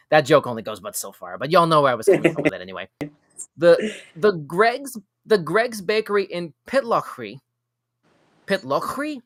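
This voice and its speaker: A man hosting a live news reaction stream. He reads weird news items aloud and breaks off for quick jokes and asides, often tripping over and repeating his words. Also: fairly high pitch, no echo. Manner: stumbles and repeats words when excited. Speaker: show host.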